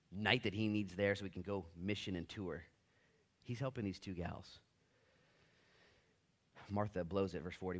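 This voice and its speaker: A man preaching a sermon in a church, animated and joking, acting out short voices. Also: lowish voice. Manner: animated, jokey, acts out voices in bursts. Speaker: pastor.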